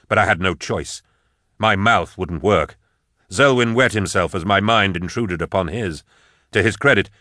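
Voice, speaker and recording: Low-voiced man narrating a grim tale. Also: sharp tone, dry recording, studio quality. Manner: measured, grave storytelling delivery. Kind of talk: audiobook narration of dark fantasy fiction.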